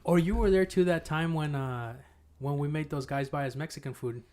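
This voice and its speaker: A man's voice: on the high side, moderate pace, a crowd in the background. A man in his thirties hosting a casual chat, telling crude stories with lots of swearing and laughter. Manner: profane, laughs through his own stories. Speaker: podcast host.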